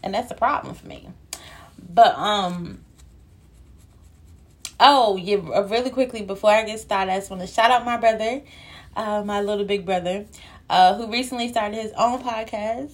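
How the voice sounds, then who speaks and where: Young woman podcast host, winded and breathy, loose playful chatter, lots of filler ums. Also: medium pitch, normal speed. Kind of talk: casual solo podcast chat.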